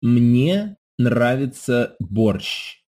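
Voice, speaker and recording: This is a man speaking extremely slowly as a pronunciation model. He says each short phrase carefully and clearly so that learners can repeat it. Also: medium pitch, big pitch swings, darkish tone. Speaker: native-speaker model for repetition.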